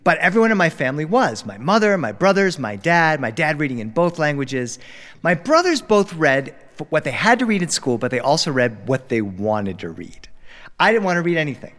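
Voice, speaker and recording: Middle-aged guy storyteller, kinda high voice, jumps all over doing the voices, long echo tail. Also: a little fast. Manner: animated, acts out dialogue with big pitch jumps. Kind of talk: live storytelling performance. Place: studio with live audience.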